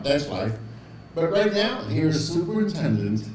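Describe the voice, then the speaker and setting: A man hosts in an easygoing, unhurried way, reading viewer greetings one by one and laughing softly between them. His speech is slow and loose, and the echo of a roomy space surrounds the voice with a faint hum behind it. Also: mid-range voice, recorded from a distance. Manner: chuckling, relaxed, chatty. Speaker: show host. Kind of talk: casual live-stream chat, reading viewer comments.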